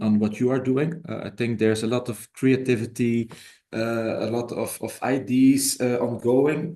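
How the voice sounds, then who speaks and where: A man's voice: mid-range voice, a little mellow. Hesitant man in a roomy echo. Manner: hesitant, repeats words while thinking. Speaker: workshop presenter on living labs. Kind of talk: online workshop answer.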